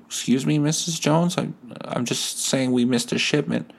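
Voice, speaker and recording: A man's voice: medium pitch, moderate pace, gravelly, pitched above the performer's own voice, lightly acted. A man voicing a polite young grocery clerk who stammers out apologies. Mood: flustered. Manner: hesitant, apologetic.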